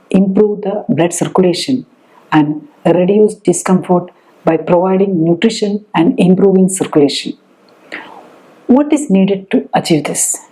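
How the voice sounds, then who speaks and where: Middle-aged woman doctor, warm low-key tone, explanatory lecture delivery with frequent "uh" pauses. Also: poor audio. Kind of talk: health lecture.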